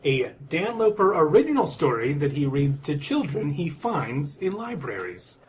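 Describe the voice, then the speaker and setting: A man's voice: on the high side, very animated, normal speed, slight background noise. A man hosting a comedy podcast, interviewing a guest in a playful, questioning way. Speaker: podcast host.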